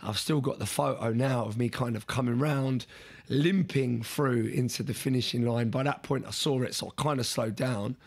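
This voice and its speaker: A man's voice: mid-range voice, moderate pace, creaky, slightly rough. A young man, a podcast guest, telling an earnest story in conversation, often restarting and repeating words.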